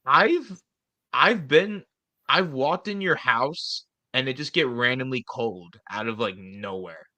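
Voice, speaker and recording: A man's voice: mid-range voice, animated, slow, pushed and bright, dry recording. A man in a casual podcast chat, talking hesitantly with many fillers.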